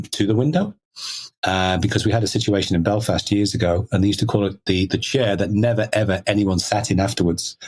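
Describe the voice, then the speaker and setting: A middle-aged man, a guest telling stories in a rambling way, full of "you know" fillers. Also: low voice. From Liverpool, England. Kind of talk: conversational storytelling.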